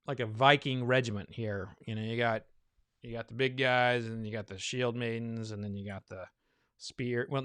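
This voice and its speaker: A man talks casually and rambles with plenty of fillers, a little winded from all the talking. His voice is smooth and clear at a middling pitch. The sound is dry and close, with no room echo. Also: fairly bright tone. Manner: rambling, loose, thinking aloud with many fillers. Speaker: bourbon reviewer hosting a blind tasting. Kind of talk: casual live tasting chat.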